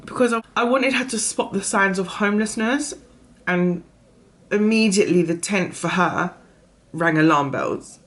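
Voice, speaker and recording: A woman's voice: mid-range voice, normal speed, a bit bright. A young mother, chatting casually in a vlog and rambling through a story full of "I was like" asides. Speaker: vlogger.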